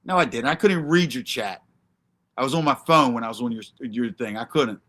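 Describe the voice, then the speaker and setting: Brash, bright-voiced male livestream host. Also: mid-range voice, a little fast. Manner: brash, profane, confrontational, answers chat by name. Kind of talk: ranting livestream commentary.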